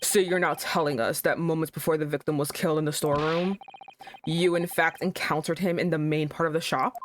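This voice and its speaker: A woman voicing an earnest young male defense lawyer, measured and questioning, a little lower than her usual voice. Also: steady tone, a little hiss or hum, close to an everyday voice. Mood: probing.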